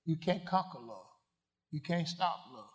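A man preaching a sermon, asking the congregation questions and swinging from quiet asides to loud declarations. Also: on the high side, expressive, unhurried. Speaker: pastor.

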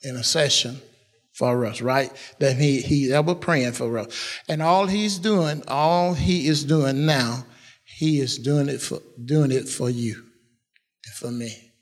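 A man's voice: mid-range voice, unhurried. A man preaching a sermon, repeating phrases and laughing as he drives points home. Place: church. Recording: long reverb of a church hall.

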